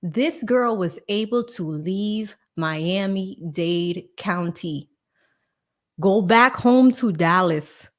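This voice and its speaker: Female livestream host, true crime commentary; indignant, emphatic, slow and deliberate delivery. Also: mid-range voice, expressive. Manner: indignant, emphatic, talks straight to viewers.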